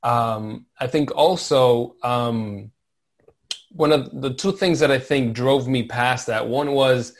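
A man working in IT, speaking as a guest in a thoughtful, halting way while reflecting on his work. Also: medium pitch. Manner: thoughtful, halting, searches for words. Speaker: IT professional, guest. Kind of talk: reflective conversation.

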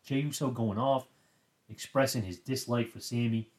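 A man's voice: mid-range voice, moderate pace, a little mellow. A man hosting a casual, enthusiastic recap of wrestling moments. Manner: enthusiastic, chatty. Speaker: wrestling commentary host.

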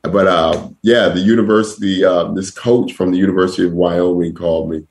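A man from Denver, a guest comedian, telling a lively story in a chat before a live audience and acting out the voices in his quotes. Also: brisk. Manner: animated storyteller, acts out quotes with big pitch jumps.

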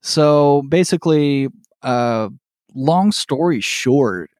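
A man's voice: fairly high pitch, lively intonation, slow, darkish tone, no echo, clean studio sound. A man co-hosting a casual chat podcast, recapping a TV episode in a rambling way with restarts and laughter. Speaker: podcast co-host.

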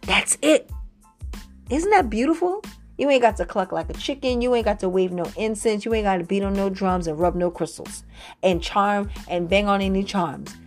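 A woman preaching in a faith podcast, reading scripture slowly and urging her listeners to say the words back to her. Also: medium pitch, faint music behind. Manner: expressive, calls on listeners to repeat after her; slows down to read scripture with emphasis. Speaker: faith coach.

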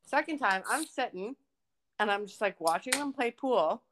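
A woman's voice: on the high side, normal speed, noisy background. A young woman co-hosting a podcast, chatting casually and telling a story with lots of swearing. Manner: swears a lot, animated storytelling. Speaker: podcast co-host. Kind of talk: casual chat.

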